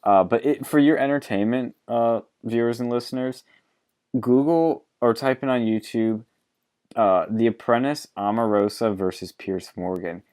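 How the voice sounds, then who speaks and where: A man's voice: mid-range voice, normal speed, darkish tone, clean tone. A man hosting a podcast, blunt and profane in casual political chat, laughing often. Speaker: podcast host.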